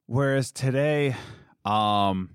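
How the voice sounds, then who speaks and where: A young man vents about his coffee shop job in a loose, rambling chat. His voice is mid-pitched and sits close and dry on the mic, with no room sound around it. He keeps circling back, exasperated, and mimics others in mocking tones. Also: extremely slow, clear, resonant tone, dry recording. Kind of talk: casual chat.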